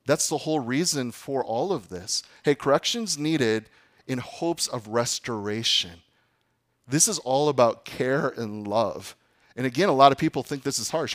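A man preaching a sermon as pastor, talking to the congregation in a conversational way and often checking in with "okay" and "guys", sometimes rising to emphatic, louder peaks. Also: medium pitch, no room sound, clean studio sound.

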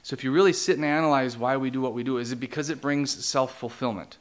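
A man's voice: medium pitch, steady tone, fast talker. A man preaching a sermon as pastor, teaching theological ideas and putting question after question to his congregation. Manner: asks the congregation many rhetorical questions; teaching, explains theological terms.

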